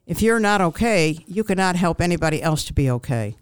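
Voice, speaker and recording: A woman speaking as a grief counselor guest in an interview, giving calm, reassuring advice with frequent ums and restarts. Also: fairly low pitch, fairly quick, smooth, dry recording.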